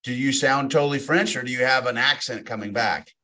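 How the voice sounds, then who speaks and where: An easygoing male podcast host in his forties, chatting casually with his guest. His voice sits at an ordinary middle pitch, and he drifts into self-deprecating asides with ease. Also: fairly quick, pushed and bright. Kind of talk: conversational podcast interview.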